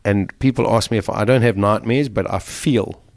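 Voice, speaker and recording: A middle-aged man speaks as an interview guest, recounting his ordeal vividly and with feeling. His voice sits a little low. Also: moderate pace, darkish tone. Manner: emotional, vivid retelling of a survival ordeal. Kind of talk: storytelling in an interview.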